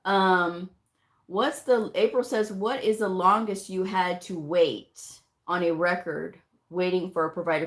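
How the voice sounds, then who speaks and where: A middle-aged woman, a medical coder, chatting casually on a live stream and answering viewer questions in an emphatic, talkative way. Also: fairly low pitch. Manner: chatty and emphatic, with frequent "you know"s and laughs.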